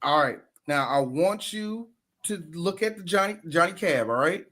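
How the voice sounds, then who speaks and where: A man's voice: fairly high pitch, normal speed. A man co-hosting a podcast, chatting casually about movies and acting out scenes. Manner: animated, acts out movie lines. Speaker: podcast co-host. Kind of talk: casual chat.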